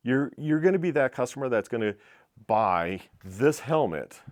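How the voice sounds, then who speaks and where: A middle-aged man who owns a small motorcycle shop tells a story in a blunt, profane, animated way, as a casual vlog. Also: medium pitch, a little slow.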